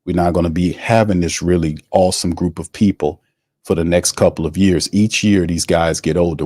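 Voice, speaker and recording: Heated low-voiced sports podcast man. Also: a little mellow, dry recording, clean studio sound. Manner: heated, colloquial, talks to the chat. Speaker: podcast host. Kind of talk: sports talk commentary.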